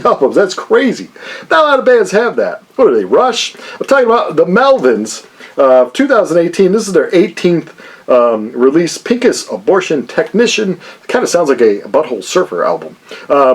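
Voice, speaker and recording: A man hosting his own record-collecting channel, chatting casually and jokingly about a haul of CDs and vinyl, with lots of fillers. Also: on the high side. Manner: rambling and jokey, many fillers.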